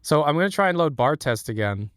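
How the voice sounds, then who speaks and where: A man's voice: a little high, big pitch swings, fast, a bit bright, dry recording, studio quality. Profane rambling male streamer. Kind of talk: casual livestream commentary.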